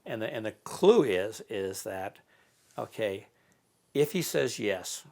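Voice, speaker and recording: Interviewee: man, lowish gravelly voice, halting anecdotal delivery. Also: very animated, darkish tone. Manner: halting, many fillers and restarts. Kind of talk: casual storytelling.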